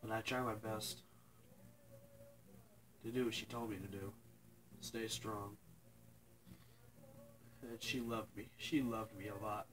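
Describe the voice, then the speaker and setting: A young man telling a painful personal story to his viewers, halting and tearful, pausing and restarting as he cries. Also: fairly low pitch, fairly even intonation, a bit bright, a little hiss or hum, low-quality recording. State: crying. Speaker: vlogger. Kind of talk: emotional personal story to camera.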